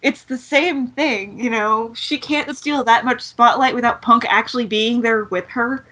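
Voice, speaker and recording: A woman's voice: fairly high pitch, unhurried, fairly bright tone. A woman co-hosting a podcast, recapping wrestling in blunt, sarcastic casual chat and swearing freely. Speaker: podcast co-host.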